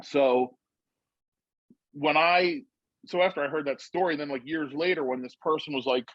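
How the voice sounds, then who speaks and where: Male podcast co-host, husky voice, rambling storyteller, dry and muffled recording. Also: fairly high pitch, moderate pace, no room sound. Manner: loose, rambling with many fillers and restarts. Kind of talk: casual chat, personal storytelling.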